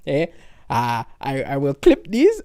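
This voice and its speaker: A man voicing a scheming village husband, speaking in a low, drawn-out conspiratorial way. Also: wildly swooping pitch, warm tone, dry recording, clean studio sound, full character voice.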